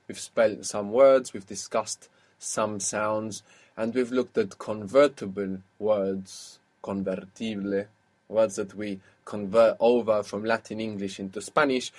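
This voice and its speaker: A man leads an audio language lesson, explaining spelling and stress step by step. He pauses to quiz his student and walks through each answer patiently. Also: lowish voice, a little mellow. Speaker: language teacher.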